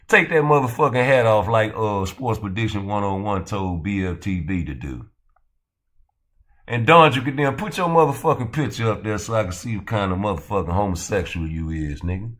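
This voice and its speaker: A man hosting his own channel, ranting and roasting others in a loud, profane, mocking way. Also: lowish voice. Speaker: channel host. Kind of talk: heated roast commentary.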